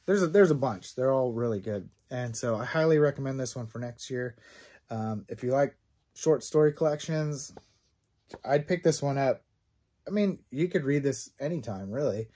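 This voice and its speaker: An excited man talks through his monthly reading in a casual vlog, tripping over his words and filling pauses with "um." His voice sits at an ordinary middle pitch. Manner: enthusiastic, rambling, many fillers and restarts. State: out of breath, sore throat. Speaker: book reviewer. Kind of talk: casual book review vlog.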